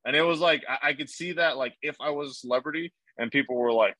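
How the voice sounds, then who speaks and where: A man's voice: mid-range voice, fast talker, few pauses, bright, forceful tone, dry recording, highs cut off. A young man hosting a casual podcast, telling rambling stories with lots of fillers and swearing. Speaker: podcast host. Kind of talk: casual chat.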